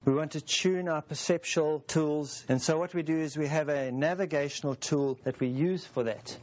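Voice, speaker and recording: A man in his forties giving a calm, unhurried spoken teaching session, explaining a self-help process through homely metaphors. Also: fairly high pitch. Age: 40s.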